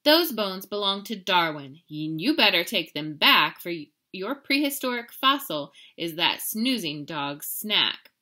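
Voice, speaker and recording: A woman's voice: deep voice, a little slow, hardly any pauses, breathy edge. A woman voicing a stern, bossy mother cat who hollers and scolds her kitten in a storybook. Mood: scolding.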